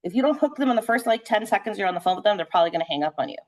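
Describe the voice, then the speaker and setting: A woman real estate trainer leading a live sales training session, talking fast and animated, checking in with "right?" as she goes. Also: medium pitch. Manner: conversational, frequent "right?" checks.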